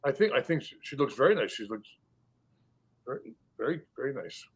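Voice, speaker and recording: A man's voice: medium pitch, big pitch swings, fairly quick, a little hiss or hum. A man in casual podcast chat, blunt and joking, laughing as he retells stories.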